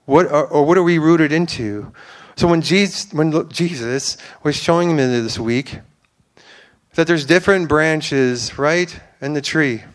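A man's voice: fairly high pitch, a little slow. A man giving an informal, earnest sermon to a church, rambling with fillers and restarts. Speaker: preacher.

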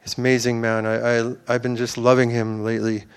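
A man's voice: medium pitch, monotone, a little fast, smooth. A man giving an informal, earnest sermon to a church, rambling with fillers and restarts. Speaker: preacher.

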